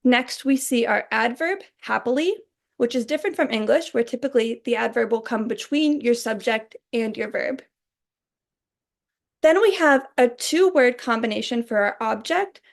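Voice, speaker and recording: A young woman delivers a recorded class presentation in a clear, explanatory way. Her voice sits a little high and carries a gravelly edge. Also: animated, moderate pace. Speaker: student presenter.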